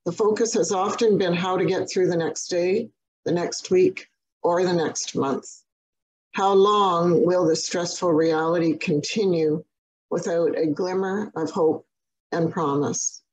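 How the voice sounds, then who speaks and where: A woman giving a prepared webinar presentation on healthcare quality, speaking in a measured, deliberate way with occasional restarts. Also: fairly low pitch, steady tone, darkish tone, slightly rough, poor audio.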